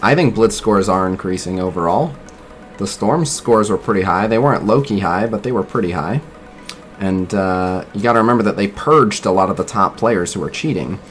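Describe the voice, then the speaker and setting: A man's voice: on the low side, moderate pace, faint music behind. A man streaming a mobile game, rambling casually to his chat and a voice-chat guest, swearing freely. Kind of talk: casual live-stream commentary.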